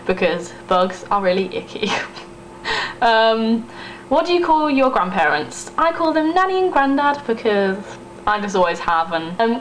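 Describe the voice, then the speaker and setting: Young East Midlands woman, casual vlogger; chatty, giggly, fairly high voice, faint hiss on the computer mic. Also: low-quality recording. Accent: East Midlands English. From Northamptonshire, England. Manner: chatty, giggly, rambling with fillers. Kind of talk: casual vlog talk, reading a word list.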